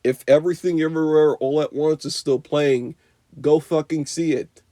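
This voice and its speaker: Young male reviewer, raised mellow voice, dry sound, loose and profane rant style. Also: fairly high pitch, steady tone, normal speed, no room sound. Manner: profane, rambling, full of "you know" and "like". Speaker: movie reviewer. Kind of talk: unscripted rambling rant.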